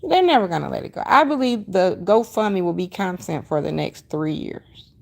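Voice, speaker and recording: Her voice runs on the low side, with big pitch swings, vocal fry, and a darkish tone, at normal speed. As host of a casual livestream, the middle-aged woman answers viewer comments emphatically and sassily, preaching and repeating herself.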